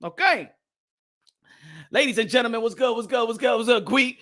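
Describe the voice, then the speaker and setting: Man, high-pitched, fiery livestream rant, boxing channel host, Spanish-English code-switching, repeats phrases. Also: fairly even intonation, moderate pace, sharp tone. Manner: repeats himself for emphasis.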